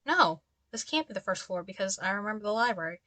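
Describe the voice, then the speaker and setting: A woman's voice: medium pitch, animated, quick pace, sharp tone, dry recording. Chatty young woman, dry close sound. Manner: chatty, exasperated ranting asides. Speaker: gameplay commentator. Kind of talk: casual let's-play commentary.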